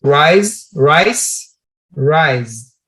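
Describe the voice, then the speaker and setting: Slow man. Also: fairly high pitch, lively intonation, fairly bright tone. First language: Portuguese. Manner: asks careful questions, repeats words to practice. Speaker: adult ESL student.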